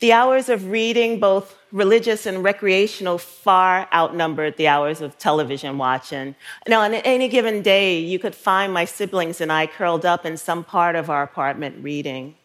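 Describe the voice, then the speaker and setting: A Brooklyn-born writer in her fifties tells a story on stage, slow and measured, letting her phrases trail off softly. Her voice is lowish.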